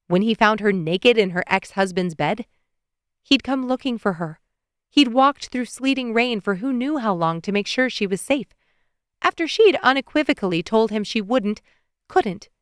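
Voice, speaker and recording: A woman narrating an audiobook in an even, expressive reading on a close studio mic. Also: mid-range voice, smooth, dry recording.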